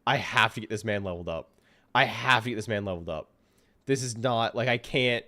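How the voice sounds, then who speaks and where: A man streaming live gameplay commentary, excitable and self-mocking, exasperated at his own character. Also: lowish voice, a little fast.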